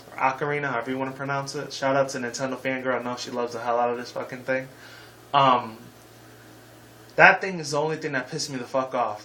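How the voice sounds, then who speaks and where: A man's voice: mid-range voice, pushed and bright, a little hiss or hum, rough recording. A man in his twenties hosting a casual game-review video, rambling and heated, with frequent swearing. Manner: casual sign-off slang. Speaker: gaming video host.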